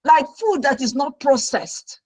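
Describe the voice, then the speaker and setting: Middle-aged lady guest on a talk show, telling her story all animated, dry close sound. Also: high voice, a little slow, no echo, poor audio. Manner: animated storyteller who acts out her own past reactions.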